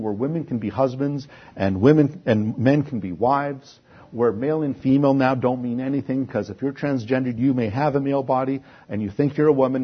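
A man's voice: medium pitch, husky, highs cut off. A man from Canada preaching a sermon to his congregation, slipping into sarcastic mock voices and building to emphatic peaks. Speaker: pastor.

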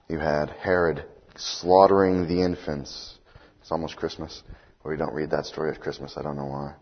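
Very deep-voiced husky male preacher. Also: lo-fi sound. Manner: conversational, checks in with listeners. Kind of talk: bible study teaching.

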